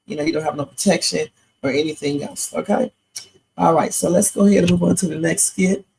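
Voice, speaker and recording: On a rough recording with slight background noise, a woman's fairly low, creaky, slightly mellow voice moves briskly. She's a sleepy, tired livestream host giving casual reaction commentary, rambling and slipping in preachy asides.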